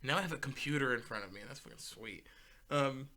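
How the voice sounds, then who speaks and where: A man's voice: medium pitch, fast talker, sharp tone. A young man hosting a casual podcast, rambling and joking as he tells stories and acts out quotes. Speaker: podcast host.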